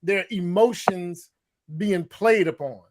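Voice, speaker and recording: A man's voice: high voice, slow, noisy background. A man co-hosting a casual discussion podcast, talking emphatically, repeating himself and acting out quotes. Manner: emphatic, repetitive, acts out quotes. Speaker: podcast co-host.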